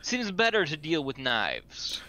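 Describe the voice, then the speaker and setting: A man playing a tabletop game, speaking in character in a dry, measured way. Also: on the high side, wildly swooping pitch, sharp tone, poor audio. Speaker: player. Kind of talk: tabletop role-play in character.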